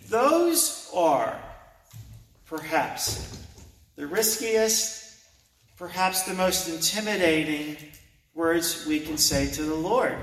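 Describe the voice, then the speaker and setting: High-voiced preacher in a roomy hall. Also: male voice, animated, a bit bright. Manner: reads scripture aloud and repeats key phrases slowly. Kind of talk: sermon. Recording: roomy hall, mic at a distance.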